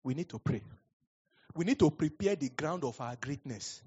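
A Nigerian-accented male pastor preaching with a lively, swooping delivery and a slightly husky edge. He tells his stories animatedly and laughs often. The recording sounds dull and lo-fi. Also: on the high side, moderate pace. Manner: animated storyteller, laughs often, acts out quotes. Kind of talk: sermon with storytelling.

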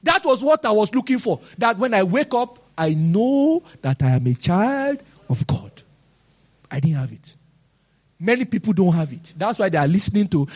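A man's voice: high voice, big pitch swings, moderate pace, a little mellow. A man with a Nigerian accent preaching a sermon and telling his own testimony, acting out the people he quotes.

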